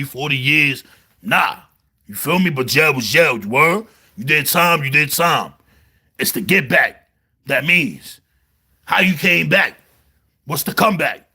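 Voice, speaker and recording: A man with a Brooklyn accent, telling jail stories in a casual, animated monologue full of slang. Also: on the high side, normal speed, vocal fry, husky. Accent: New York, Brooklyn. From New York. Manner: animated storytelling, heavy slang, repeats "you heard". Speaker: vlogger.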